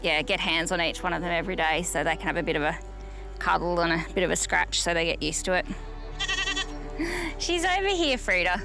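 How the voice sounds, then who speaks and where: A young woman with an Australian accent speaks in a low-set voice, explaining her farm work plainly and without fuss. She is outdoors in a paddock, recorded for a rural documentary. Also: flat delivery, fast talker, gravelly, over music, low-quality recording. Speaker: goat breeder.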